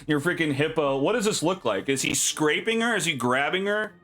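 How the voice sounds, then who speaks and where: A man narrating as game master of a tabletop game, animated and quick to react with laughs and exclamations. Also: on the high side.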